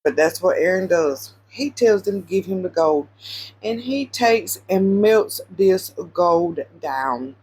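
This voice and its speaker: A woman casually retelling Bible stories, animated, repeating phrases for emphasis and quizzing her listeners. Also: fairly low pitch, takes it slowly, breathy edge. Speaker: Christian social media storyteller.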